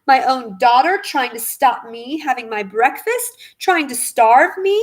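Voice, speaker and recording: A woman voicing a bossy, nasty old grandmother who shouts and scolds. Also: high voice, animated, measured pace. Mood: indignant. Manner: loud, scolding, demanding.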